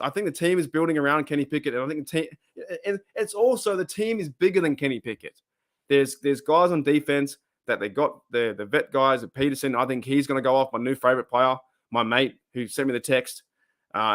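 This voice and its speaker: An Australian man hosts a live sports podcast, fired up and rambling as he reads chat comments aloud. His voice is medium-pitched, brisk, and fairly bright.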